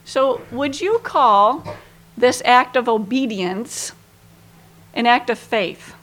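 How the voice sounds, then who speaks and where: Slow and a little high, with a slightly bright tone, a woman's voice walks through a Bible passage in a chatty way. She uses lots of "you know"s and performs quotations with emotion.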